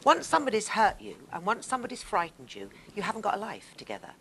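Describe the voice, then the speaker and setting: A woman's voice: medium pitch, fast talker, slight background noise. An older woman telling personal stories expressively to a live audience, acting out the scenes. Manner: expressive, animated, acts out scenes. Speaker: guest speaker on stage. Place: stage before a live audience.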